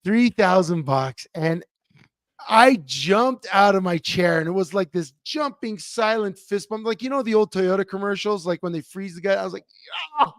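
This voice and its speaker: Man co-host, animated storyteller, slightly high voice, dry sound. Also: moderate pace, dry recording. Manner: animated storyteller, many fillers and restarts. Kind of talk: casual sports talk show chat. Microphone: remote computer mic.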